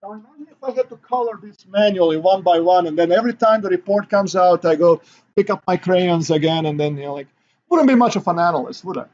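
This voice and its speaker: A man's voice: high-pitched, fast, a little mellow, lo-fi sound. A male university instructor giving a recorded class lecture in a casual, rambling way with many fillers and restarts.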